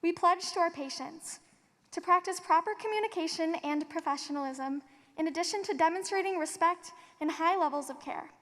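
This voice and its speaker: High-voiced young woman reading a pledge. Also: a bit bright. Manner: earnest, measured recitation. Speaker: student. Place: large auditorium. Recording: reverberant hall.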